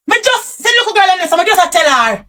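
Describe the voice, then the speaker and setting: A woman's voice: extremely high pitch, big pitch swings, fast talker. A woman speaking on a livestream in a tearful, pleading, repetitive way. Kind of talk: emotional livestream talk. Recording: loud music in background.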